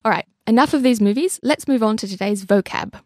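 A woman's voice: on the high side, a little fast, no room sound, studio quality. Chatty woman hosting a language lesson. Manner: chatty, explaining. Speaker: language podcast host. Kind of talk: casual lesson talk.

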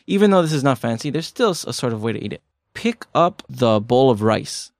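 A man's voice: medium pitch, very animated, a little fast, no echo, clean studio sound. A man hosting a casual language lesson podcast, chatty and explaining with examples. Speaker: podcast host.

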